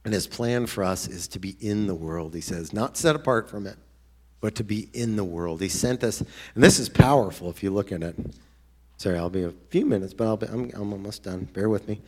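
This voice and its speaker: A man preaching a sermon in an earnest, conversational way, now and then breaking into excited outbursts. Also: lowish voice, brisk.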